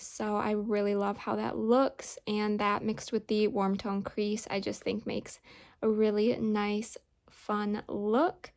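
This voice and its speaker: A woman beauty vlogger narrating a makeup tutorial, calmly explaining each step. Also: mid-range voice, takes it slowly, creaky.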